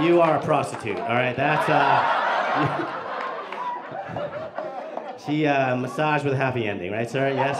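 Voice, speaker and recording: Crude, profane male stand-up comic. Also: medium pitch. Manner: crude, profane, teasing the audience. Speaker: stand-up comedian. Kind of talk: stand-up comedy with crowd work. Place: live comedy club. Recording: echoey club, loud background noise.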